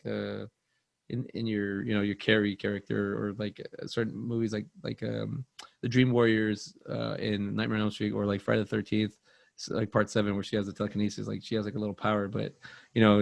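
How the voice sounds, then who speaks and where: A man's voice: fairly low pitch, gravelly, no echo. A man co-hosting a podcast, chatting casually about movies, rambling with restarts and acting out quotes. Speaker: podcast co-host.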